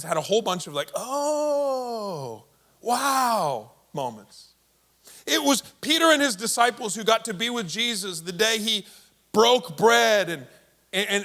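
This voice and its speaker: Bright-voiced, high-pitched male pastor. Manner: conversational storytelling, playful asides. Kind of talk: sermon.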